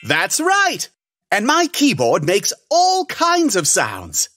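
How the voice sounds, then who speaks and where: A woman's voice: mid-range voice, wildly swooping pitch, takes it slowly, fairly bright tone, exaggerated voice. A woman playing a cheerful male frog who hosts a preschool sing-along and quizzes children. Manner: cheerful, asks children questions. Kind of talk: preschool video hosting.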